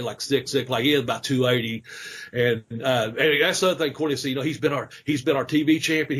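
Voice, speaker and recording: A man's voice: medium pitch, a bit bright. A middle-aged man, a former wrestler, casually telling rambling stories on a podcast, with lots of fillers and laughter. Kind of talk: casual storytelling chat.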